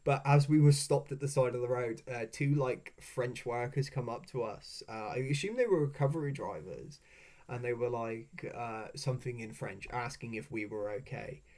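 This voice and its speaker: A man's voice: medium pitch, moderate pace, a little mellow. A young man telling travel stories in a casual, swearing voice-over, laughing at his own mishaps. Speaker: vlogger.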